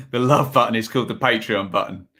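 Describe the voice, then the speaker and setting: Male stream host, chatty and tired, bright tone. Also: fairly low pitch, moderate pace. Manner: chatty, reads out chat messages and scores. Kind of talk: casual live-stream chat and score updates.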